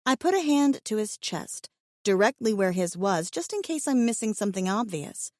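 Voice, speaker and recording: A woman narrating a first-person romance audiobook, expressive with a wry inner voice. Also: mid-range voice, normal speed, dry recording, studio quality.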